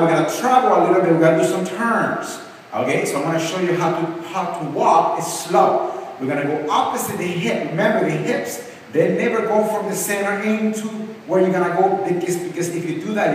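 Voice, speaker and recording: A man teaching a dance lesson to camera, counting the steps aloud as he demonstrates and checking in with quick "okay?" and "all right?". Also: fairly high pitch, a little hiss or hum. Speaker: dance instructor. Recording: echoey hall, far from the mic.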